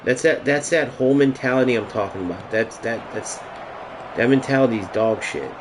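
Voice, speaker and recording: A man's voice: mid-range voice, a little fast, background noise. A man streaming a game, ranting casually and profanely to his chat. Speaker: gaming streamer.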